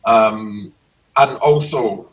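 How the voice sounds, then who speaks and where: A middle-aged Scottish man chatting casually, telling lively stories about his childhood. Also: fairly low pitch, extremely slow, recorded from a distance, rough recording. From Scotland. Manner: storytelling, animated. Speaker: guest. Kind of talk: casual chat.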